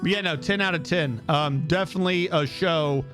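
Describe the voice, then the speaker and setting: A man's voice: fairly high pitch, normal speed, over music. A man streaming a game, chatting casually in a rambling, incredulous way, with lots of restarts and asides.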